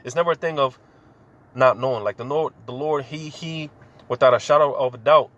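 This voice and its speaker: A man reading scripture and explaining it in a relaxed, slangy way, full of casual fillers. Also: medium pitch, a little fast, highs cut off. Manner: laid-back, slangy, full of "man" and "you know" fillers. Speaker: scripture teacher. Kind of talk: informal scripture reading and commentary.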